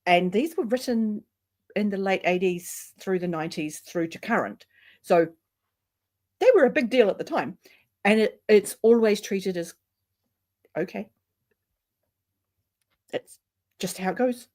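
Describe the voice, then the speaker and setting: A woman hosting a relaxed chat. She talks in a chatty, easy way and laughs often. Her voice sits at a middle pitch. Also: moderate pace. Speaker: host. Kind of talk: casual chat.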